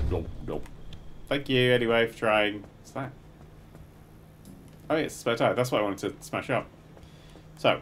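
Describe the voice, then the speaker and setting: A middle-aged man streaming a game live, muttering to himself, swearing freely and bursting into excited exclamations. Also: fairly low pitch, slight background noise. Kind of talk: live gameplay commentary.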